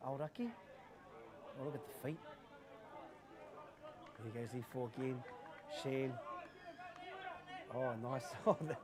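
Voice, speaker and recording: A man commentating a live touch rugby match, chatty and quick to laugh. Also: medium pitch. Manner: chatty, laughing, excitable calls. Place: outdoor sports field. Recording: outdoor crowd noise.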